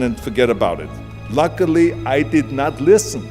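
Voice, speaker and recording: A man's voice: a little high, big pitch swings, normal speed, dark tone. A man with an Austrian accent giving an emphatic, punchy motivational speech, with long hall reverb and music behind. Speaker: motivational speaker.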